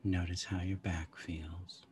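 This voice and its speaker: A man guiding a slow, calm meditation, soft-spoken with long pauses and some lines half whispered. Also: sits low, a little hiss or hum. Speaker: meditation guide. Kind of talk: guided meditation.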